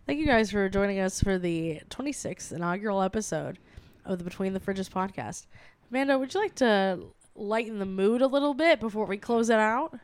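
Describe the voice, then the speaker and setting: A woman's voice: medium pitch, animated, fairly quick, clean tone, no echo. A woman co-hosting a comedy podcast, talking casually with lots of fillers and restarts. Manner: rambling, many fillers and restarts. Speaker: podcast co-host. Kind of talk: casual chat.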